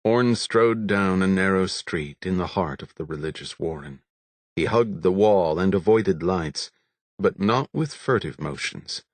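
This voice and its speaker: Slow deep-voiced male audiobook narrator. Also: animated, no room sound. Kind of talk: scripted narration.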